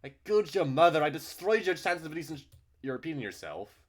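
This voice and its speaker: A man with a deep voice reads the lines of a middle-aged uncle eaten up by guilt and self-loathing, whose outbursts are anguished and self-pitying. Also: steady tone, moderate pace.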